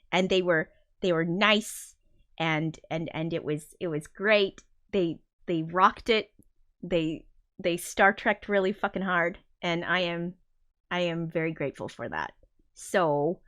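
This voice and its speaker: A woman hosts a casual livestream, talking loosely and mocking herself. Her bright, forceful voice leaps up and down in pitch, and curse words pour out constantly. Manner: swears constantly, rambling and self-mocking. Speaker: livestream host.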